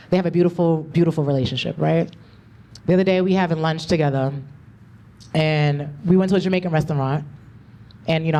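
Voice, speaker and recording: A woman's voice: low voice, a little mellow. A woman doing a stand-up comedy set with a loose, slangy, conversational delivery. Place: comedy club stage.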